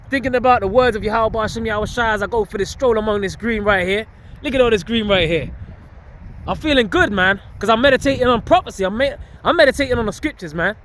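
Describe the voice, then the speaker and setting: A man's voice: very high-pitched, fairly bright tone, a little hiss or hum. A man preaching casually and emphatically while on a walk outdoors, with slang and frequent laughs. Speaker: street preacher vlogging. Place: outdoors on a walk among greenery.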